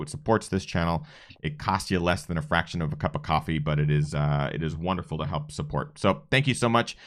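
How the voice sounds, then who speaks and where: A man's voice: sits low, a bit bright. A man hosting a live running podcast, chatty and upbeat as he promotes and wraps up the show. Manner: upbeat, chatty, listing sponsors in quick succession. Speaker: podcast host.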